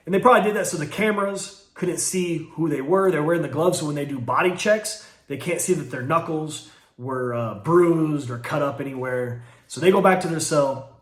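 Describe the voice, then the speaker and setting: A man casually telling a first-person story in an animated way, acting out what people said and swearing freely. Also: fairly high pitch, normal speed. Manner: animated, acts out quoted speech, swearing, fillers like "like". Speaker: host telling his own story. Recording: roomy echo.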